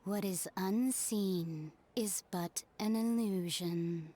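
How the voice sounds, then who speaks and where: A woman voicing an unseen, mysterious woman in a video game, speaking slowly and solemnly, partly in a whisper. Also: mid-range voice, dark tone. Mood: cryptic.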